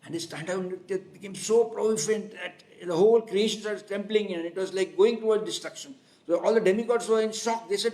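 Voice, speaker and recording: A man telling a devotional story, narrating with lively asides and restarts. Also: high voice, fairly quick, echoey room, rough recording. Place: temple town.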